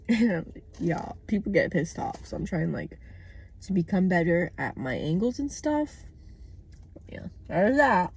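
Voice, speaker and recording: A woman's voice: on the low side, a little mellow, husky. A young American woman recording a candid, outspoken video diary from her parked car, swearing freely as she talks. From United States. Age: young adult. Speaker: vlogger. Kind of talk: casual personal video diary.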